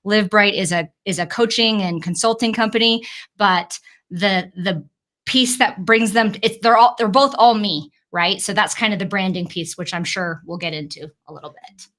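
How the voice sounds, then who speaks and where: A woman's voice: medium pitch, normal speed, fairly bright tone. A woman who runs a cleaning service and a coaching business, chatting as a guest on a video call. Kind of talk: casual panel chat.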